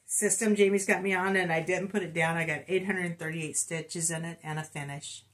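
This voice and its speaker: A woman's voice: lowish voice, steady tone, normal speed, fairly bright tone. A middle-aged woman co-hosting a cross-stitch video, chatting casually and reporting her stitch counts with self-deprecating humor. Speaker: co-host of a cross-stitch channel. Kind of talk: casual chat.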